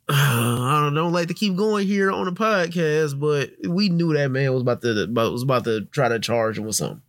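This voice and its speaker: A man's voice: a little high, expressive, normal speed, dry recording, studio quality. A man co-hosting a casual sports podcast, talking in a laid-back, reflective way. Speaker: podcast co-host.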